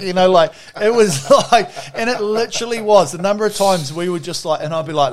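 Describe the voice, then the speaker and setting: A man's voice: high-pitched, expressive, a little fast, few pauses. A man, a former Olympic rower talking as an interview guest, blunt and swearing freely as he tells stories. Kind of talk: casual interview chat.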